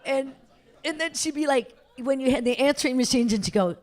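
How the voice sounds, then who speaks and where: A woman's voice: high voice, a little fast, a little mellow. A middle-aged woman telling a personal story on stage before a live audience, chatty and self-mocking, laughing as she goes.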